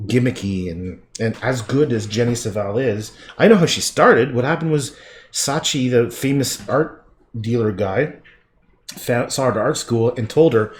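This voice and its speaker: A middle-aged man from Canada chatting casually while painting, with rambling, profane asides that often trail off quietly. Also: mid-range voice, moderate pace, a little hiss or hum. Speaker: livestreaming painter.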